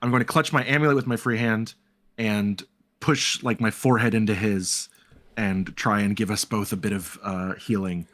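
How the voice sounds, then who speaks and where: A man's voice: lowish voice, steady tone, normal speed, a bit bright. A man playing a character in a tabletop role-playing game, talking through his actions hesitantly with many fillers. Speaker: player.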